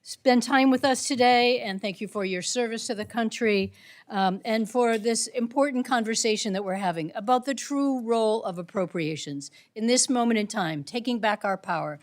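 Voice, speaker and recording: Woman lawmaker, a bit high, earnest, closing out her amendment pitch. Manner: earnest, building to pointed appeals. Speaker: committee member. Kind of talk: formal closing statement. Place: committee hearing room.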